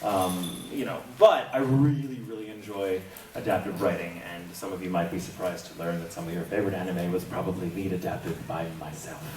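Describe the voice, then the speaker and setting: A man who voices characters sits on a convention panel, telling wry, self-deprecating stories and laughing a lot. His voice is low and darkish, steady and brisk, captured from a distance in an echoey hall with a crowd around.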